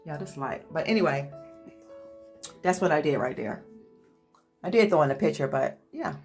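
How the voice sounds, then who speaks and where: A woman's voice: sits low, animated, normal speed, echoey room, faint music behind. A woman chatting casually to her viewers while she cooks at home, often calling them y'all. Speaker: vlogger. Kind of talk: casual home vlog chat. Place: home kitchen, indoors. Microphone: handheld phone camera.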